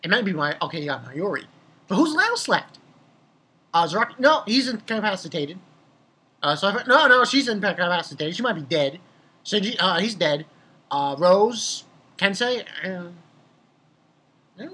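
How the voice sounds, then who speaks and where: Excitable young guy rambling thru a chapter review, lots of swearing, pitch all over the place, kinda breathy. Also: normal speed, pauses often. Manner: rambling, excitable, swears freely, laughs at own jokes. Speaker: manga reviewer.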